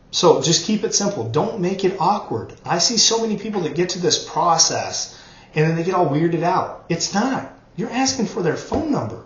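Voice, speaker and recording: A man giving an earnest motivational training talk, repeating words for emphasis. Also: fairly high pitch. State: choked up, coughing. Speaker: network marketing trainer. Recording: roomy, dull lo-fi sound.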